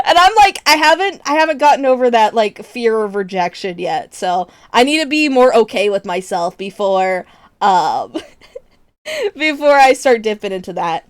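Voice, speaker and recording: A young adult woman streamer chatting casually with her viewers, expressive and laughing often, with casual swearing. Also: on the high side, measured pace, long pauses, dry recording, studio quality.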